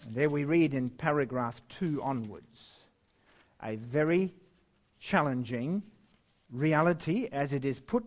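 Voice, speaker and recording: A man preaching a sermon and reading scripture, slow and emphatic, with wide swings in pitch and loudness and the odd chuckle. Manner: chuckles now and then.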